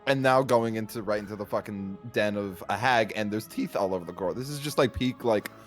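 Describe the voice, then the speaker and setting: A man's voice: on the low side, a little fast, soft background music. A man playing a tabletop game, talking in a wry, profane way in casual chat. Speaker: player.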